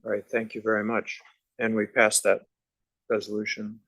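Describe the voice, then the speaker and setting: Gravelly low-voiced man chairing a meeting. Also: moderate pace, no room sound, poor audio. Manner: relaxed, procedural. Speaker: board chair.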